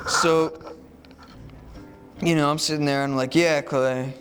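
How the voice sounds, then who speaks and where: A man's voice: fairly high pitch, flat delivery, a little slow, a bit bright, soft background music. A man vlogging, telling a casual story in a rambling way, full of "you know" and "like".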